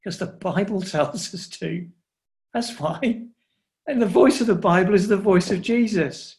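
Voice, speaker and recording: A man's voice: sits high, unhurried, a little mellow. A middle-aged man preaching a sermon to his congregation, earnest, often voicing Jesus speaking directly to his listeners. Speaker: pastor.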